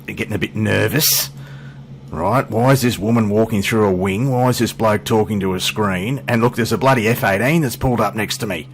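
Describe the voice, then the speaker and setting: A middle-aged Australian man with a deep voice chats away in loose, rambling commentary. He is self-deprecating and drops the odd casual swear word. He talks into a desk mic at home. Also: a little fast, a little hiss or hum. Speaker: flight sim YouTuber.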